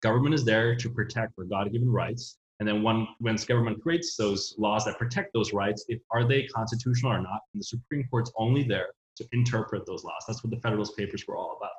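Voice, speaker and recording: A man's voice: lowish voice, fast, hardly any pauses. A man talking politics in a rambling, casual way, full of fillers and restarts. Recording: roomy, dull lo-fi sound.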